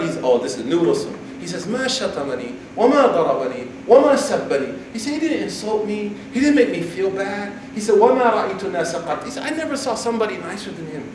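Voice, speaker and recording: High-voiced man preaching in an echoey hall. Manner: animated, jokey, acts out quotes. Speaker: imam giving a talk. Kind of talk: casual humorous religious talk. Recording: echoey hall from far off, noisy.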